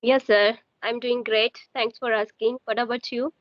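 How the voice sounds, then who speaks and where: A woman's voice: fairly high pitch, little pitch movement, no echo, dull audio. Hesitant woman from Maharashtra. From Maharashtra, India. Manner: hesitant, halting, many fillers. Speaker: learner, homemaker. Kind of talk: casual conversation practice.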